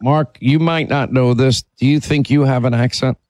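A man's voice: mid-range voice, steady tone, moderate pace, darkish tone, no room sound. A man hosting a call-in talk radio show, talking emphatically and opinionatedly, sometimes restarting his sentences.

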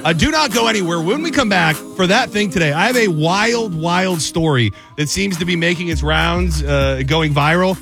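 A young man hosting a radio call-in show, bantering in a quick, jokey way. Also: high voice, lively intonation, fairly bright tone, soft background music. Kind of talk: casual radio chat.

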